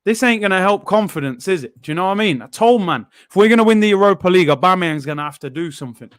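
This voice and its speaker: A young man hosting a live football watchalong, frustrated and animated, breaking into sudden shouts. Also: sits high, fast. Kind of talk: live match reaction.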